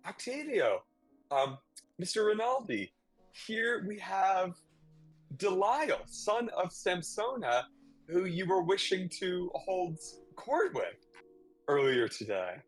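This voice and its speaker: A man putting on a raised, fussy female voice for an obliging, flustered assistant. She is relentlessly polite and hurried. The recording is dry, with faint music behind. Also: high voice, big pitch swings, no room sound, voice pushed up, exaggerated voice. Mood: formal.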